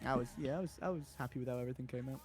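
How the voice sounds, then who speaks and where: A man's voice: mid-range voice, very fast, a little mellow, soft background music. A man chatting casually as a guest on a stream, rambling with many restarts. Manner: rambling, stumbling restarts, lots of "like".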